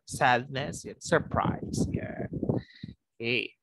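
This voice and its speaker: A man's voice: fairly high pitch, expressive, slow pace, gravelly, background noise. A man with a Filipino accent giving a recorded lecture, switching between Tagalog and English and tagging his points with questions. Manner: mixes Tagalog and English, frequent "no?" tag questions, chuckles often. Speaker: teacher.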